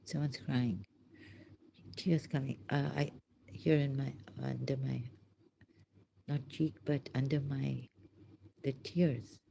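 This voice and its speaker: A woman talks slowly in a deep, dark voice, pausing often and sinking into whispers. She sounds overwhelmed and emotional. A faint hiss sits under her voice. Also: steady tone, creaky. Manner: halting, hushed, often breaks into whispers. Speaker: vlogger. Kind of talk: unscripted spoken reflection.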